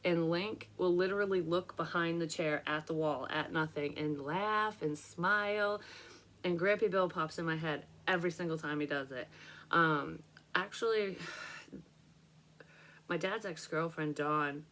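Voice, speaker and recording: A woman's voice: low-pitched, measured pace, a bit bright, a little hiss or hum. A young woman, a psychic medium, chatting casually and emotionally about a card reading in a rambling way.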